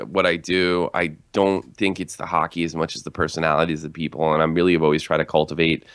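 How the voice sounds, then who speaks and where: A man hosting a casual group podcast, talking in halting bursts and repeating his words as he thinks aloud. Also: a bass voice, little pitch movement, fairly bright tone, smooth, no echo, studio quality. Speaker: podcast host.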